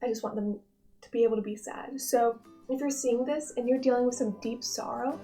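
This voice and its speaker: A woman's voice: on the high side, fairly even intonation, brisk, faint music behind. Earnest young woman sharing a devotional. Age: young adult. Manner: earnest, reflective, gentle, with frequent restarts. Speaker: devotional vlog host, nursing student. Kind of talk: personal devotional vlog.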